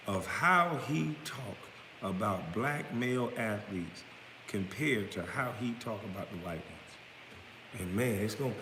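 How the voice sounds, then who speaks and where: A man in his thirties ranting bluntly to camera, swinging from low mutters to loud outbursts. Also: slight background noise. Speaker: vlogger. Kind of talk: profane rant to camera. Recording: echoey room with long reverb.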